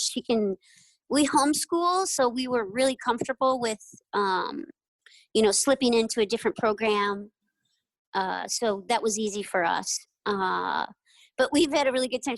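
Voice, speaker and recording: A middle-aged woman, a guest on an interview show, telling lively stories and often acting out quoted voices with laughter. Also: a little high, no echo, low-quality recording. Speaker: guest, retired jockey. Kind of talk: casual interview storytelling.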